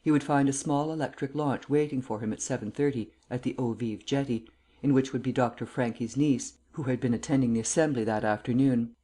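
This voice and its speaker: Male narrator, mellow and soft-toned, measured audiobook delivery. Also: mid-range voice. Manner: measured, unhurried storytelling. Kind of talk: scripted narration.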